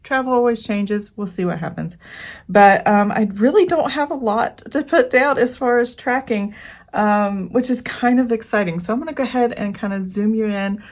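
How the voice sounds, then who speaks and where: A woman's voice: on the high side, normal speed. A woman hosting her own budget planning channel, talking casually and rambling with frequent fillers. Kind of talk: casual chatty vlog walkthrough.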